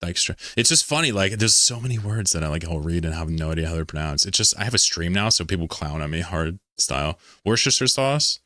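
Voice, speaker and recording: A man's voice: low voice, fast, few pauses, bright, forceful tone, no room sound, clean studio sound. A man from Pennsylvania, streaming a game and chatting with viewers in a rambling, joking way, swearing freely. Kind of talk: casual live-stream chat while gaming.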